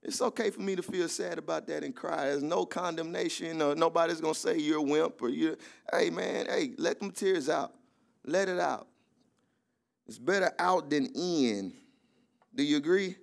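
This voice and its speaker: A man's voice: fairly high pitch, moderate pace, vocal fry. A man preaching a sermon in an emphatic, conversational style. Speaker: pastor.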